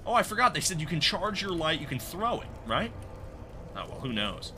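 A man's voice: fairly high pitch, very animated, a little fast, background noise. A man streaming a game live, chatting casually, reacting aloud and greeting viewers in chat. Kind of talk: live gameplay commentary.

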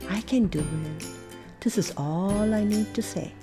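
With a medium-pitched, unhurried voice over background music, an American woman teaching preschool reads a picture book. She leads the children in playful yoga poses, coaxing them along animatedly and slipping in soft, breathy remarks.

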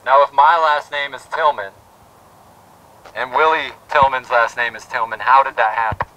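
A man's voice: mid-range voice, fairly even intonation, normal speed, bright, forceful tone, far from the mic, a little hiss or hum, rough recording. A man speaking at an outdoor protest rally, telling a personal story with heartfelt restarts. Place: outdoor town plaza.

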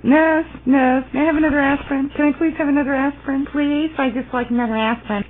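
A whiny patient begging a nurse over and over, as a woman puts her on, the voice pushed up higher than her usual talk. The sound is tinny and phone-like, with a faint hiss behind it. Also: steady tone, fast, natural voice. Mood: pleading. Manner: pleading, repetitive.

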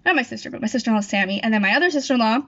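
Rambling high-voiced young woman, lo-fi. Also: lively intonation, rapid-fire, fairly bright tone. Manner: rambling, chatty, self-correcting. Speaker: YouTuber. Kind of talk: casual chat. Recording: dull lo-fi recording.

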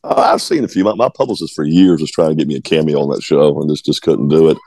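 A man's voice: rumbling low, big pitch swings, fast talker, gravelly, a little mellow, no echo. A man in his forties from Georgia, a former ballplayer telling blunt, profane stories as a guest in a casual interview. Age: 40s. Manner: blunt, profane, repeats words when restarting. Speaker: guest, former baseball player.

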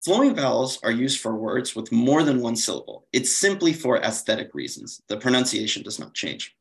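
A man's voice: mid-range voice, sing-song, normal speed, rough recording. A man giving a slide-based conference lecture, explaining steadily with occasional fillers and self-corrections. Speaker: conference presenter.

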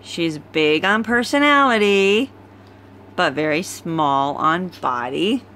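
A dog breeder, a tired woman, presents her puppies in a casual phone clip shot at home, with slight background noise. Her voice sits on the low side yet sounds fairly bright and expressive, and her manner is slow, easygoing and chatty.

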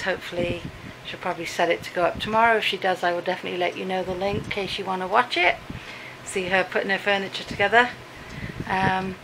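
A woman's voice: medium pitch, gravelly, noisy background. A British woman chatting casually to the camera at home, rambling and easily amused as she talks through her day. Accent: British English. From Britain. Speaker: vlogger. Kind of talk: casual vlog chat. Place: home, indoors, dim room.

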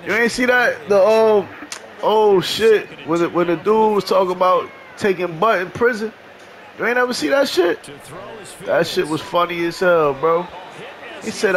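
A man trash-talking loudly and profanely at his opponent while playing a video game, laughing often. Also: high voice, lively intonation, normal speed, creaky, long pauses. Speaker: gamer.

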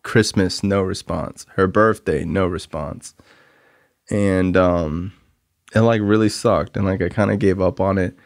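A young man with a gravelly, low voice tells his story in a loose, rambling way, packing his sentences with fillers. He is candid and hard on himself. The sound is close and dry, with no room echo. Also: fairly even intonation, measured pace. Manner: candid and self-critical. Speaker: podcast host sharing recovery story. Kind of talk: casual storytelling monologue.

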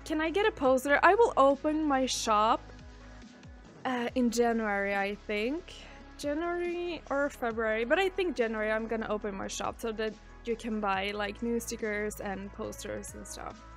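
With soft background music behind her, a woman on a casual live stream reads viewers' messages aloud and responds in a chatty way. Her voice is a little high and her pace moderate.

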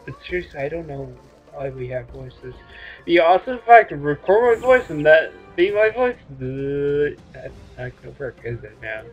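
A man's voice: on the high side, very animated, normal speed. A man commenting on a game he is playing, joking and crude in laid-back asides. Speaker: let's play host. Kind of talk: gameplay commentary. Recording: dull lo-fi mic with game music.

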